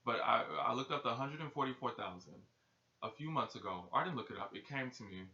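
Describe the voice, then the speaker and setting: Male spiritual vlogger, laid-back slangy delivery, bright tone, dull lo-fi recording. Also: medium pitch, expressive, fairly quick. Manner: loose, profane, slangy storytelling. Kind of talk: casual talking-head vlog. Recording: echoey room, dull lo-fi sound.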